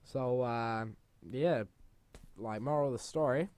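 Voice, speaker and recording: A man's voice: medium pitch, unhurried, a little mellow. A young man, a gaming channel host telling a rambling school story over gameplay, swearing freely and exaggerating.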